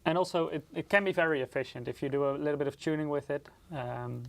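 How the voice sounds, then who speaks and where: A man's voice: fairly high pitch, fast, creaky. A man co-hosting a livestream, reading viewers' questions aloud and answering them, laughing often and teasing his co-host. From Europe. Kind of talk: casual livestream chat.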